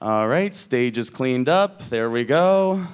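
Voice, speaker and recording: Brash, profane drag comedy host. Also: male voice, medium pitch, animated, takes it slowly, background noise. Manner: brash, profane, teasing the crowd. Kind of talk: stand-up crowd work. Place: comedy club stage before a live audience.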